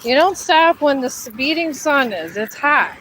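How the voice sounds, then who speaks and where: A woman's voice: sits high, lively intonation, measured pace, fairly bright tone, slight background noise, poor audio. A woman livestreaming her dog walk, tired and grumbling as she coaxes her dog up the hills. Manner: weary, grumbling, coaxing her dog along. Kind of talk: casual live vlog. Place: outdoors on a hilly street walk.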